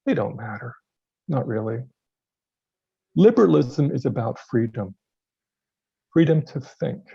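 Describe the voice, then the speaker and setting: A man giving a sermon-style lecture at a worship service, measured and deliberate, with some passages read aloud. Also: medium pitch, lively intonation, gravelly, warm tone, breathy edge, no echo, muffled recording. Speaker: guest speaker.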